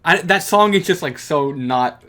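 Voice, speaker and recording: A man co-hosting a podcast in casual chat, often laughing and chiming in with quick agreement. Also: fairly high pitch, animated, pushed and bright. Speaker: podcast co-host.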